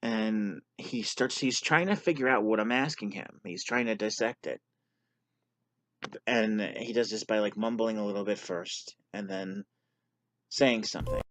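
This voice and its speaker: A man's voice: on the low side, measured pace, a bit bright, no echo. A man casually telling a personal story on his vlog, candid and self-deprecating. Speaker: vlogger sharing his story.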